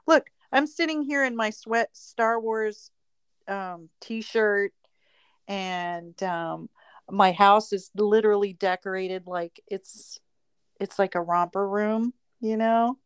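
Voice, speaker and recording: A woman's voice: medium pitch, slow, smooth, dry recording. A woman in casual chat, talking frankly and bluntly, with a bawdy humor. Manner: frank, blunt and bawdy, acts out quoted voices.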